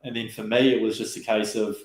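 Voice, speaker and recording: A man telling stories casually in an interview, relaxed and chatty, with lots of fillers and quoted asides. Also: on the low side, a little fast. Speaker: guest rower. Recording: roomy echo.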